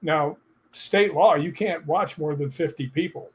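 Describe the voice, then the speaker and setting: A man telling personal stories in a casual chat, animated and laughing as he goes. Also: fairly high pitch, unhurried.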